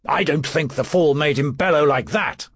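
A cold Roman dictator who gives orders calmly and without hurry, in a male narrator's reading. The voice is husky and dry. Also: a little high, normal speed, no room sound. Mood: commanding.

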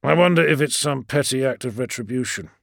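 A man voicing a wry, sardonic male warrior captain in an audiobook, low and quiet. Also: brisk, creaky, dry recording, clean studio sound.

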